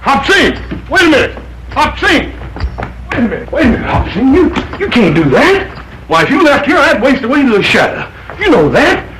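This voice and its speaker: An actor playing a big, easygoing young ranch son with a folksy, slangy way of talking. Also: male voice, very high voice, huge pitch swings, a little fast, pauses often, a bit bright, a little hiss or hum, heavily acted, poor audio. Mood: pleading.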